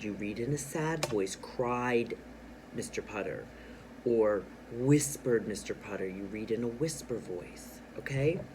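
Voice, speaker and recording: A man's voice: mid-range voice, slight background noise, poor audio. A man teaching a reading lesson to young children, asking them questions and explaining clues. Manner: animated, speaks directly to young learners with questions.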